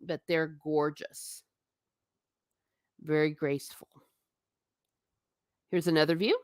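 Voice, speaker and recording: A woman's voice: low-pitched, level tone, slow pace, dry recording, studio quality. A woman chatting casually with viewers on a live stream while showing travel photos, often laughing and stumbling over repeated words. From not Irish. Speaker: livestream host.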